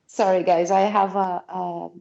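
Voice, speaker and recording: A woman's voice: fairly low pitch, level tone, a little slow, mellow, muffled recording. A woman joining a book podcast as a guest, chatting casually with wry, apologetic interjections. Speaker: podcast guest, listener patron. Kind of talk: casual chat.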